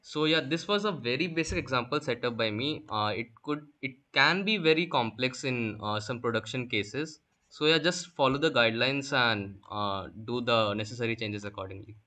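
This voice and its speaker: A young man gives a screen-recorded coding lesson, explaining each step plainly. His voice is bright and a little tense, at a middling pitch. He leans on fillers as he works through the example. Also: moderate pace. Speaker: workshop instructor.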